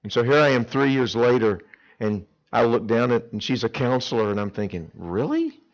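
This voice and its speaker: A man preaching a sermon at a camp, telling stories with dramatic swings between loud emphasis and hushed pleas. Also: medium pitch, steady tone, brisk. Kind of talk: sermon with storytelling. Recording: dull lo-fi sound.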